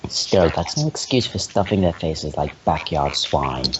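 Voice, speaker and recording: A man's voice: very deep voice, big pitch swings, unhurried, background noise, heavily acted. A man reading the lines of a stern, fussy young male incubus in a game, scolding and disapproving. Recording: dull lo-fi audio.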